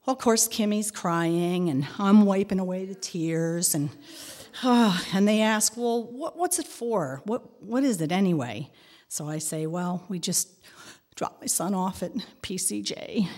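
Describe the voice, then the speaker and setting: A middle-aged woman telling a personal story in a prayerful, expressive way, sometimes dropping to a whisper. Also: fairly low pitch, measured pace, long reverb tail. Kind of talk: devotional reflection and personal storytelling.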